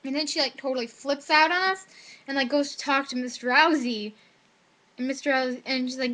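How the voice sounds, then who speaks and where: A woman's voice: sits high, fairly quick. A teenage girl telling a casual story about her school day to her webcam, full of "like" and acted-out quotes of other people. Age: teens. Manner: chatty, lots of "like", quoting others in animated voices. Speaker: high school student. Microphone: webcam microphone.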